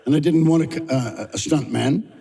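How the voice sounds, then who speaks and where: Gravelly older man telling stories. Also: a little high, moderate pace, mellow, in a large hall. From Australia. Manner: chatty, chuckles through his stories. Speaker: guest actor. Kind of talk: casual anecdote telling.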